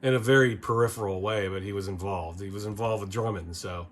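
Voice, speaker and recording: A man's voice: on the low side, steady tone, a little fast. A man hosting a casual record-review video, rambling and opinionated, often restarting his sentences. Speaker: music video host.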